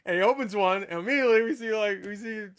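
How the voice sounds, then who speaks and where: A fairly high-voiced man talks through a movie in a loose, unscripted review. He rambles, curses freely and trips over his own restarts, then bursts into excited shouts when he gets to the big moments. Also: fast, clear, resonant tone. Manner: rambling, profane, with stammered restarts; animated and excitable. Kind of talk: casual spoiler review talk.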